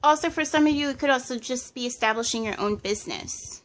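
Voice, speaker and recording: A woman's voice: fairly high pitch, fairly even intonation, a little fast, few pauses, fairly bright tone. A woman giving a pick-a-card tarot reading in a casual, hesitant way, listing impressions with many fillers. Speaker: tarot reader.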